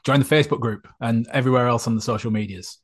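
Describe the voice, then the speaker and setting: Husky guy co-hosting a podcast, dry wry banter. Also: mid-range voice, fast. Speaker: podcast co-host. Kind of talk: casual podcast chat.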